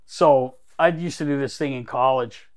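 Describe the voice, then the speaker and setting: A man's voice: mid-range voice, normal speed, darkish tone. A male podcast co-host telling stories with energy and acting out other people's lines. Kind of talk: animated storytelling.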